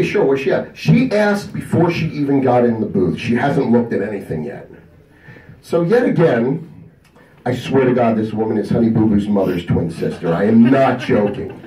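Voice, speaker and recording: A mid-range-voiced comedian does crude stand-up storytelling on a convention stage, animated as he plays the people in his tales. An echoey room and a far-off mic shape the recording.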